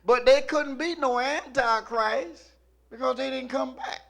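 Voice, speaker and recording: A male pastor preaching a sermon, swinging from low murmurs up to shouts. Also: steady tone, unhurried.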